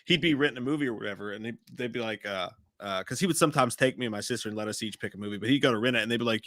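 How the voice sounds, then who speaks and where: A man in his thirties co-hosting a casual live movie chat, telling profane, animated stories. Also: mid-range voice, rapid-fire, few pauses, no echo, clean studio sound. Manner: animated, profane storytelling with frequent laughs. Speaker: co-host of a live movie talk show.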